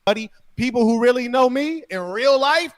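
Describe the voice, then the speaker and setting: A man's voice: very high-pitched, expressive, moderate pace, no echo. A man boasting and making threats in an interview clip, often ending with tag questions.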